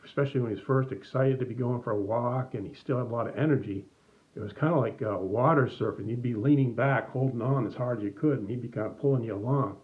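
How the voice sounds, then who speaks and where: A man's voice: mid-range voice, narrow, tinny audio. A middle-aged man telling a children's story in a church message, acting out the voices as he goes. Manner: animated, acts out voices. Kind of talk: storytelling to kids.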